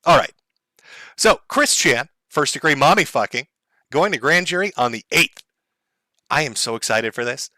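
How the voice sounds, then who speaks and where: A man's voice: a little high, lively intonation, moderate pace, pauses often, pushed and bright, dry recording. A man hosting a livestream, giving a crude, sarcastic rant with mocking asides. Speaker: streamer host.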